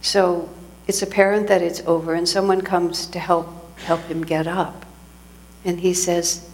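A woman's voice: on the low side, flat delivery, a little slow. A woman giving a sermon as a spiritual teacher, telling a story reflectively and often restarting her sentences.

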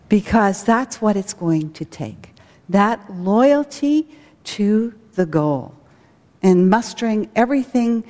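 A woman who directs a school gives an earnest spiritual talk, weaving in stories and acting out quotes. Her voice is lowish and mellow, with long hall reverb on the recording.

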